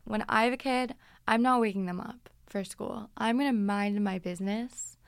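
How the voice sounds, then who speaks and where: A woman's voice: mid-range voice, normal speed, gravelly, clean tone, no echo, studio quality. A woman in her twenties casually telling stories from her teens as a podcast host, chatty and dramatic. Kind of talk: casual storytelling.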